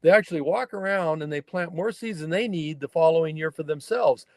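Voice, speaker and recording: A man's voice: a little high, a little fast, a little mellow, dry recording. A man, a wild horse researcher from the northern California mountains, telling a story as a guest on a remote interview and acting out the people he quotes.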